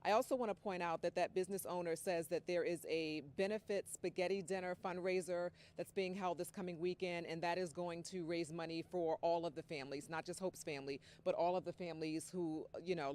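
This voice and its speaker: A woman's voice: lowish voice, fairly even intonation, brisk, hardly any pauses. A woman field reporter giving a live TV news report from outdoors on location, chatty and casual. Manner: chatty, casual, warm-hearted.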